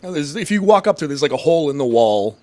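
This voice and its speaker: A man's voice: fairly high pitch, big pitch swings, quick pace, a little mellow, no echo. A young man hosting his stream, ranting and rambling with constant swearing as he reads and answers chat. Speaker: streamer host. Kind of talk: casual profane live-stream rant.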